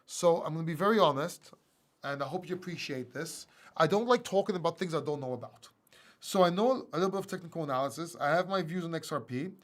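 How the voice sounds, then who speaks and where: A man from Greece hosting a crypto live stream, chatting casually and answering viewer questions in an animated, self-mocking way with frequent laughs. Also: on the high side, fast. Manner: animated and self-mocking, laughs often, bursts into loud acted outbursts.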